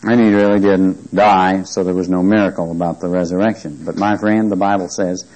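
Man teaching a Bible class, lowish voice. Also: moderate pace, hardly any pauses, a little mellow, poor audio. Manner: reads scripture aloud, asks the class questions.

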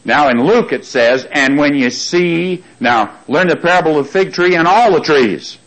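A man's voice: fairly high pitch, expressive, normal speed, fairly bright tone, poor audio. A man preaching a sermon who reads scripture aloud, quizzes his congregation and repeats lines for emphasis. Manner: reads scripture aloud in King James wording.

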